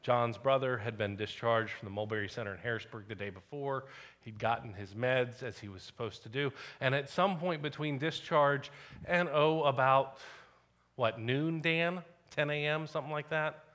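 A middle-aged pastor delivers a sermon from the pulpit in a bright, forward voice at medium pitch, talking as if sharing a story with friends. His intonation stays fairly even and his pace is normal, and every so often he slips into quiet asides.

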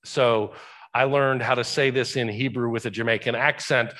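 A man's voice: medium pitch, fairly even intonation, moderate pace, pushed and bright. A pastor giving a conversational sermon, asking the congregation rhetorical questions and shifting his emphasis often.

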